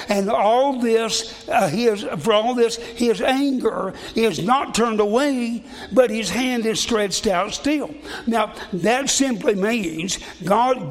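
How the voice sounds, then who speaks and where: A man with a notably high voice preaches a sermon, reading scripture aloud. His talk is folksy, circling back and repeating words as he goes. His voice rings out with a long reverb, as in a large hall.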